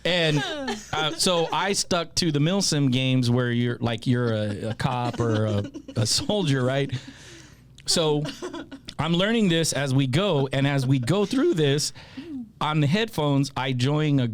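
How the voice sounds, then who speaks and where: A man hosting a podcast, telling a long story in a casual, animated way, with a lot of swearing and laughter. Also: mid-range voice, slow pace, crowd noise. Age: adult with a child. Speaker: podcast host.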